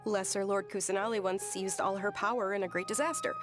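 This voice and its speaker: A woman voicing an earnest, gentle young woman in a video game, soft-spoken and sincere. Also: medium pitch, steady tone, a little fast, music in the background, natural voice.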